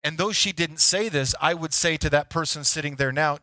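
Bright-voiced man preaching a casual sermon. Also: fairly high pitch, fairly quick, no echo. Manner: conversational, self-deprecating storytelling. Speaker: pastor.

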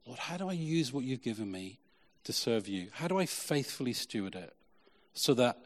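Guy preaching a sermon in a big echoey church hall, mid-pitched voice. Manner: lively preaching, repeated "Lord" in prayer. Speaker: pastor. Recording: long church hall reverb.

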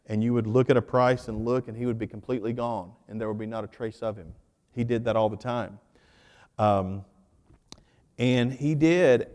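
A man's voice: mid-range voice, darkish tone. Male pastor, mid-range voice, casual storytelling sermon, long church reverb. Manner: conversational, joking storyteller addressing the congregation.

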